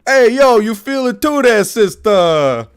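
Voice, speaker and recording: A man voicing a brash, loud male elf in an over-the-top Jersey tough-guy manner. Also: very high voice, sing-song, slow, smooth, voice pushed up, full character voice. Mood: boisterous. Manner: shouty, brash.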